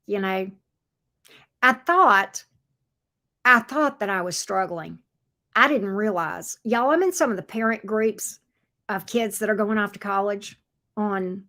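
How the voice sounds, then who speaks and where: A woman with a mid-range, somewhat bright voice hosts a casual tarot livestream. She speaks bluntly and reads viewers' comments out loud.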